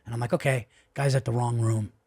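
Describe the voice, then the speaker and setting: A man on a podcast tells a wild story with lots of swearing and growing excitement, jumping in and out of the voices of the people he met. His pitch sits in the middle of the male range. The sound is a close studio mic. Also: brisk. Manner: profane, excitable, acts out voices. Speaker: podcast guest, comedian. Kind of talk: animated storytelling.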